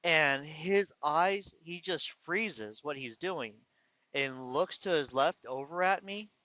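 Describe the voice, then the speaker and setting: A man's voice: fairly high pitch, animated, takes it slowly, pushed and bright, no room sound. A man telling a rambling story in a casual venting way, with a slight lisp and some slurred words, often correcting himself. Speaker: vlogger. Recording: dull lo-fi sound.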